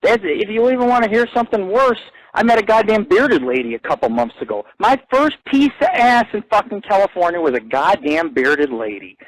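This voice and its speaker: A man hosting his own internet radio show, telling boastful, profane stories in a rambling live monologue that climbs higher and louder when he gets excited. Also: brisk, hardly any pauses, no echo, low-quality recording.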